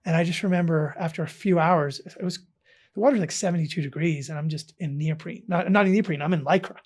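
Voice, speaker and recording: Podcast guest from South Africa, man, light voice, earnest storyteller who goes quiet and hushed. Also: fairly high pitch, fast. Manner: earnest, dropping to hushed tones. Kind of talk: personal storytelling in an interview.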